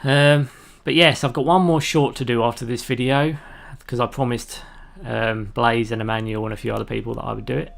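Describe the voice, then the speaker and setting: A man's voice: medium pitch, steady tone, a little fast, gravelly, few pauses. A man giving casual live-stream commentary while playing a video game, rambling and chatty as he talks to his viewers. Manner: laughs easily at his own jokes.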